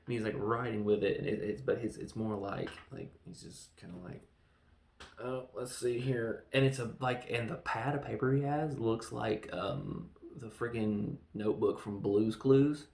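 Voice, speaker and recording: A man hosting a casual film review, excitable and rambling, acting out scenes in quick voices. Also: lowish voice, gravelly, reverberant. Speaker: podcast host reviewing a film.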